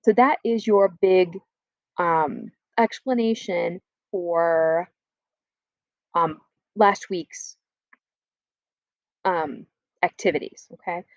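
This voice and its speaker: A woman's voice: lowish voice, extremely slow, pauses often, no room sound. Woman teacher talking thru homework on a dull muffled mic, dry sound, keeps saying okay and again. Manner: encouraging, explains step by step, repeats "again" and "okay?". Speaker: French teacher. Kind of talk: recorded online lesson, reviewing homework.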